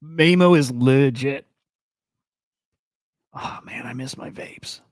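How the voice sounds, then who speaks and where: A young crypto and NFT news host takes it slowly in a mid-range voice, yet his casual, rambling, foul-mouthed commentary gets more worked up as it goes. It's clean studio audio with no echo.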